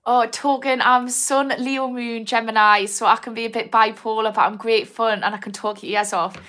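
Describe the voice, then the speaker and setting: On a live stream, a woman coaching people in addiction recovery responds to comments in a rambling way, frequently starting over, in a North East English accent. She speaks at a moderate pace with a steady, fairly bright voice on the high side.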